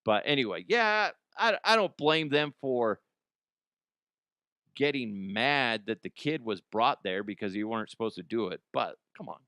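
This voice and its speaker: A man's voice: mid-range voice, big pitch swings, measured pace, sharp tone, smooth, dry recording. A man hosting a comedy show, riffing sarcastically on odd news stories, swearing freely and jumping into mocking voices. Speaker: comedy podcast host.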